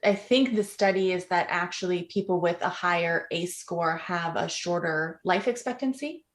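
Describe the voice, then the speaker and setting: A woman podcast host speaking in a supportive, measured way as she affirms her guest. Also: lowish voice, slight background noise. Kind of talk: casual podcast interview. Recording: echoey room.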